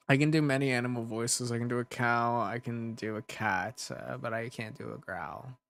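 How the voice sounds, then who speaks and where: A man's voice: medium pitch, fairly even intonation, moderate pace, creaky, hardly any pauses, fairly bright tone. A man hosting a casual livestream who laughs often and rambles in a self-deprecating way while he reads chat messages aloud and answers them. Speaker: ASMR creator hosting a livestream.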